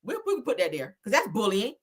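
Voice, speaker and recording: A woman's voice: medium pitch, sing-song, fast talker, slightly rough. A woman hosting reality TV commentary, blunt and scolding, with frequent swearing. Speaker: commentary host.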